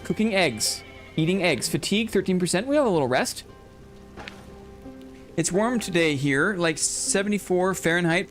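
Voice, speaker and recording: On a live stream, a fairly high-pitched man chats casually as he plays a game, joking around with viewers and reading their messages out loud.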